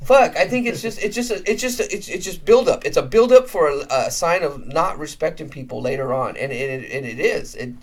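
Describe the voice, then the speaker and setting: High-voiced blunt ranting man. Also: expressive, fairly quick, few pauses. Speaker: podcast co-host. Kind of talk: casual chat.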